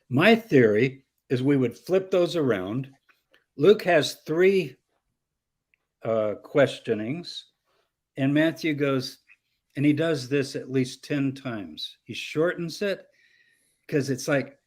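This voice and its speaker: Animated man lecturing like a professor. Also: medium pitch, slow pace, long pauses. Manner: animated, explanatory lecturing with quoted voices. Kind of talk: teaching interview on scripture.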